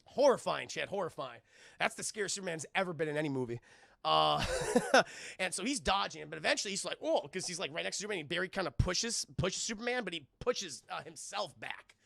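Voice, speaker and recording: Male streamer, casual spoiler review, high and animated, dry close mic. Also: fast talker, vocal fry, no room sound. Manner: animated, profane, laughs often, acts out characters.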